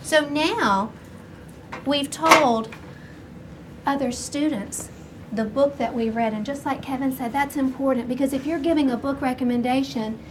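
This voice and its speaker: A woman teaching a first grade class, slowly sounding out words and encouraging the children. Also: sits high. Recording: noisy classroom recording.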